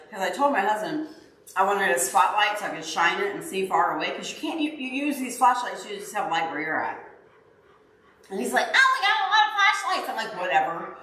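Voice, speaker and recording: A woman hosting a livestream, telling a story to her chat in a casual, animated way and acting out her own yelling. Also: mid-range voice. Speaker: livestream host, dog owner. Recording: roomy echo, faint background noise.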